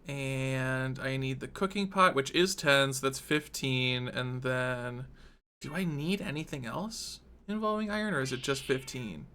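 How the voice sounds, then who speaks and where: A man's voice: medium pitch, measured pace, bright, forceful tone, a little hiss or hum. A man streaming a game live, thinking aloud in a chatty, self-deprecating way. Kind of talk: live-streamed gameplay commentary.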